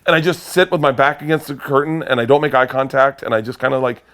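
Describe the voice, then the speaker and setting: A man in an interview spins a long anecdote with loose, profane energy. He rambles, restarts and laughs at his own story, and his voice sits at an ordinary middle pitch. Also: steady tone, quick pace, fairly bright tone. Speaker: guest comedian.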